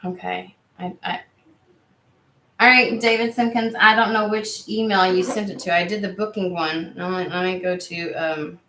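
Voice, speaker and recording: Chatty, cursing woman tarot reader, low-toned. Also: fairly even intonation, normal speed, sharp tone, slight background noise. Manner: chatty, swears freely, reads out viewer comments. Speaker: tarot reader hosting a livestream. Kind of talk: casual livestream chat. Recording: roomy echo.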